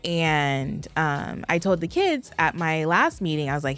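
A woman in her thirties co-hosting a podcast, telling a story in an animated way and laughing often. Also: deep voice, measured pace, hardly any pauses. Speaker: podcast co-host. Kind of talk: casual chat.

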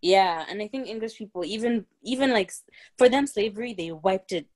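A woman's voice: mid-range voice, a little fast, a little mellow. A young woman co-hosting a podcast, talking in a rambling casual way full of fillers. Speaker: podcast co-host. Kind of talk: casual chat.

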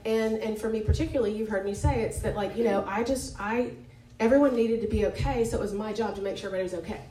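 A woman with a warm, mellow voice leads an informal devotional talk, speaking frankly and conversationally and often correcting herself mid-sentence. She is recorded from across an echoey church room. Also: medium pitch, quick pace. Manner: conversational and candid, with many fillers and self-corrections. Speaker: women's Bible study leader. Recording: echoey room, picked up from a distance.

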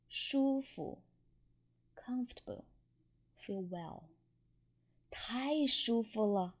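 A woman with a Mandarin Chinese accent, teaching tones slowly and patiently, repeating each word in drills. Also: on the high side. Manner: slow and deliberate, repeating words in drills. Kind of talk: slow, patient pronunciation lesson.

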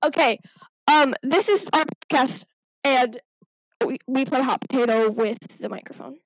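Giggly high-voiced woman podcast host. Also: moderate pace, breathy edge, dry recording, rough recording. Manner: giggly, bursts into yelling. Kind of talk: chaotic casual chat. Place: home room. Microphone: handheld microphone passed around.

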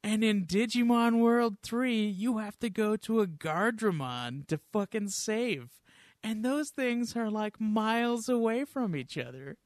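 A man's voice: high-pitched, expressive, a little slow, no echo, clean studio sound. A man co-hosting a casual gaming podcast, ranting in frustration and swearing a lot. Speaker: podcast co-host.

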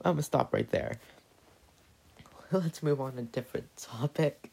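A man with a gravelly, husky voice rambling through a profane, stumbling comedic monologue. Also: medium pitch, expressive, normal speed, long pauses, darkish tone.

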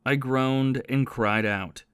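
A man's voice: medium pitch, takes it slowly, a bit bright, clean tone, no echo, studio quality. A man reading a guilt-ridden old thief. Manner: plain confessional storytelling. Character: remorseful former soldier and thief, haunted by guilt.

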